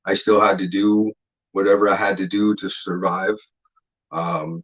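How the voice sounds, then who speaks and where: A man's voice: low voice, little pitch movement, measured pace, dull audio. Laid-back, profane man telling stories. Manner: laid-back, profane, rambling with many fillers. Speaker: interview guest. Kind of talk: casual storytelling interview.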